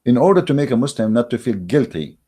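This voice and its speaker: A man's voice: mid-range voice, very animated, quick pace, warm tone, slightly rough. A man giving a heated, scornful monologue as an online religious debater, mocking and emphatic, with frequent fillers and restarts. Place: recorded while in Germany.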